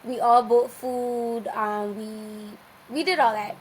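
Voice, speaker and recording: A woman guest on a podcast telling a personal story in a casual, animated way, laughing often and restarting her sentences. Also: fairly high pitch, slow, slight background noise, rough recording.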